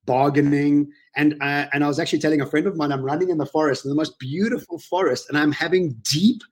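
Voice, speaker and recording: Male guest, lively emotional storyteller, slightly high-pitched, webinar chat. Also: quick pace. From South Africa. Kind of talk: casual webinar interview.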